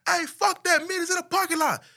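A man voicing a drunk, hotheaded skinny young man who yells taunts. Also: animated, fairly quick, exaggerated voice. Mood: yelling. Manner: shrill yelling taunts.

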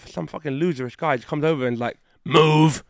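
Man, podcast co-host, talking fast, rising pitch, dry close sound. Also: gravelly, no room sound. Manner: animated, swearing, fast and excitable. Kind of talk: casual chat.

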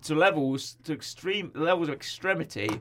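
Man, podcast co-host, casual film chat, joking, slightly high-pitched voice. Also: normal speed, fairly bright tone, slight background noise. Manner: chatty, joking, retells scenes with impressions.

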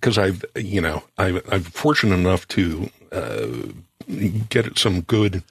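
A man's voice: sits low, creaky, husky, dry recording. A man co-hosting a casual podcast, speaking hesitantly with many restarts. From California. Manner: halting, soft-spoken, lots of restarts. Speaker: show producer and co-host.

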